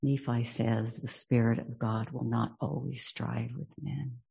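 A man's voice: medium pitch, little pitch movement, measured pace, vocal fry, a little mellow, husky. A man teaching a reflective scripture study lesson. He reads verses aloud and then muses on them thoughtfully.

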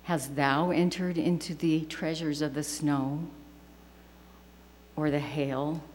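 Low, slow-spoken woman teaching scripture. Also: fairly even intonation, darkish tone. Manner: earnest, reverent reading aloud. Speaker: class teacher. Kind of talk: scripture lesson to a class. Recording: long hall reverb with faint hum.

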